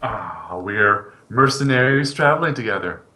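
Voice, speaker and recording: A man's voice: lowish voice, animated, unhurried, bright, forceful tone. A man playing in a tabletop game, making dry, wry remarks. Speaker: player. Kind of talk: casual tabletop banter.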